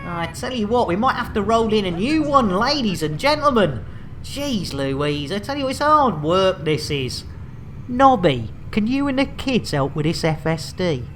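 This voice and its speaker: A woman's voice: medium pitch, sing-song, normal speed, fairly bright tone, slight background noise. A woman giving playful, exclamatory live commentary as she streams a game.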